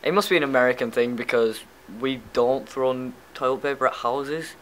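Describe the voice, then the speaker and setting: A young Lancashire man chats casually and bluntly in a YouTube vlog tag video, swearing now and then in his northern English accent. His mid-range voice moves at normal speed with a fairly bright tone. The low-quality recording has a little hiss or hum.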